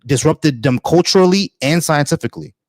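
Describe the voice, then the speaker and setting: A man hosting a live call-in debate stream, blunt and halting, often repeating words as he restarts. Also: on the high side, dry recording, studio quality.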